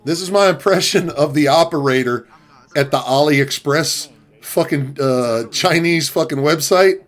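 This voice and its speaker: A man's voice: a little high, unhurried. A man streaming and chatting casually, rambling and distracted as he looks something up, swearing now and then. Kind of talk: casual chat. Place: game stream at home. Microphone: desk mic.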